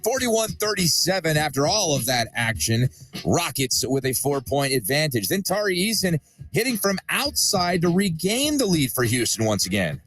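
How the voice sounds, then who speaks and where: Lively male sports highlight host. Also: normal speed, faint music behind. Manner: upbeat, hyping the next clip. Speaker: studio host. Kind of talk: highlight recap narration.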